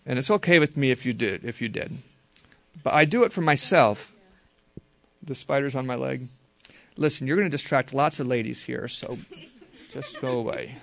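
A man teaching a group how to read the Bible, talking in a relaxed, conversational way and slowly repeating verses. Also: medium pitch, vocal fry. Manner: relaxed, conversational, slow careful repetition.

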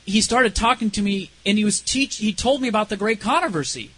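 A man telling an emotional personal testimony in an earnest, halting way, his voice dropping low and soft at the most intense moments. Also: husky, rough recording. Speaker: speaker sharing a personal testimony.

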